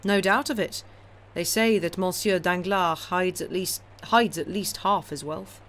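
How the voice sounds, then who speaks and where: A woman voicing a calm, ironic older male count who speaks in a smooth, measured, commanding way. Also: on the low side.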